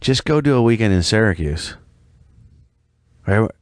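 A man's voice: on the low side, unhurried, no room sound, clean studio sound. A man from Rochester, a comedian guest on a casual chat show, telling rambling stories full of restarts. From Rochester, New York. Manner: rambling, animated storyteller with many restarts.

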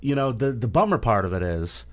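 A man's voice: medium pitch, sing-song, fairly quick. A man hosting a podcast, joking and blunt in casual chat. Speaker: podcast host.

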